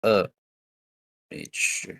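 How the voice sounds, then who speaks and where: A man's voice: extremely slow, fairly bright tone. A man playing a tabletop game, talking through the rules at length. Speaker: player.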